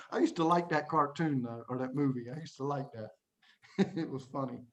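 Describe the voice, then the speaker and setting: A man teaching English writing to a class of young students, playful and animated, acting out examples and hushing the class now and then. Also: on the high side, measured pace, slight background noise. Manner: playful, animated, acts out examples in little voices; talks to young students, often hushes the class. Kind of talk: classroom lesson to children.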